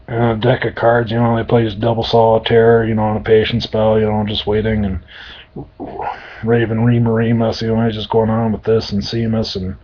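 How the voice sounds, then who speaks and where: A man's voice: on the low side, completely flat delivery, brisk. A man telling an improvised story in a rambling, crude way, padding it with fillers, in a dull lo-fi recording. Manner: rambling, crude, full of "you know".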